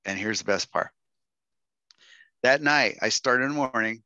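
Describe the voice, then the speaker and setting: A man's voice: medium pitch, measured pace, pushed and bright, no echo, dull audio. A middle-aged man from Texas, telling a story to a workshop audience and acting out the quotes in raised voices. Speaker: guest speaker.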